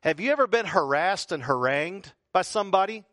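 A man's voice: high-pitched, lively intonation, fairly quick, fairly bright tone, no room sound, clean studio sound. A male pastor preaching a conversational sermon, full of rhetorical questions and repeated phrases.

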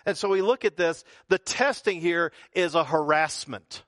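A man's voice: on the high side, normal speed, a bit bright, no room sound, clean studio sound. A male pastor preaching a conversational sermon, full of rhetorical questions and repeated phrases.

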